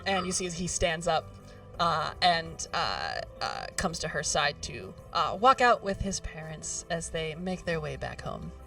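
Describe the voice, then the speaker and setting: A woman narrating a tabletop game as game master, rambling with many pauses. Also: sits low, big pitch swings, gravelly, fairly bright tone. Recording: distant mic, faint music behind.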